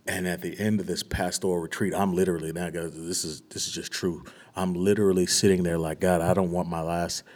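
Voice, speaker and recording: A young man, a pastor, sharing a personal testimony with a small group in an earnest, searching way, often dropping his voice to a hush. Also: low-pitched. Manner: earnest and searching, often dropping to a hushed, near-whispered delivery.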